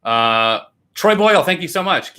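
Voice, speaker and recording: Bright-voiced young American man hosting. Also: fairly high pitch, big pitch swings, moderate pace. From United States. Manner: enthusiastic, chatty, reads comments aloud. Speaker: livestream host. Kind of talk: casual livestream chat, reading viewer comments.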